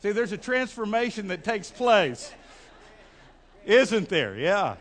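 A middle-aged pastor preaching a sermon in a folksy, stammering way that builds to loud, emphatic peaks. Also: male voice, high-pitched, very animated, slow, long pauses.

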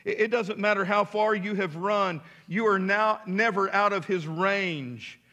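A man's voice: high voice, a little slow, sharp tone. A man preaching a sermon as pastor, emphatic, with call-and-response to his congregation and casual asides. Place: church.

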